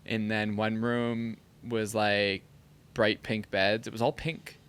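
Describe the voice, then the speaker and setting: Animated storytelling man, podcast guest. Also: on the low side, takes it slowly, clean tone. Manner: animated storyteller, heavy use of "like". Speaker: podcast guest, former pro soccer player. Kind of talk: casual storytelling chat.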